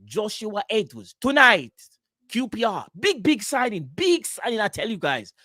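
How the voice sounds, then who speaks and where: A man's voice: high voice, big pitch swings, unhurried, bright, forceful tone, no echo, clean studio sound, pitched above the performer's own voice, full character voice. A man mimicking a hyped football transfer reporter. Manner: overhyped exclusive announcements, stressing each word.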